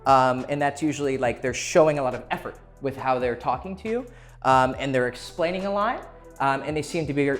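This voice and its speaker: A man giving casual, blunt dating advice to camera, swearing freely and acting out what people say. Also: medium pitch. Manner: blunt and profane, acting out quoted voices.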